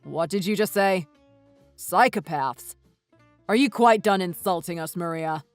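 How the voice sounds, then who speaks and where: A man's voice: sits high, unhurried, dry recording, soft background music. A man voicing a defensive husband in a text-message story, speaking stiffly and scoldingly. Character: defensive husband and brother-in-law.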